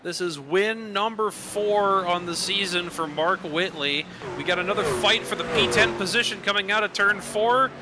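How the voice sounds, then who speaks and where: A man giving steady, analytical co-commentary on an online truck race. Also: high-pitched, moderate pace, few pauses, noisy background. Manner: steady, analytical calling of positions and points. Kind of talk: sim racing color commentary.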